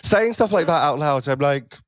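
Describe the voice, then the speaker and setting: A man's voice: fairly high pitch, animated, moderate pace, no echo, clean studio sound. A man hosting a podcast, chatting in a self-mocking way and laughing often. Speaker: podcast host. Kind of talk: casual chat.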